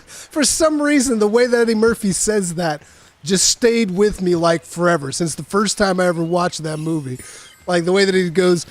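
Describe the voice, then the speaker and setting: A man in his thirties with a high-pitched voice streams a video game at a moderate pace. His gameplay commentary is casual, with frequent laughter and free swearing.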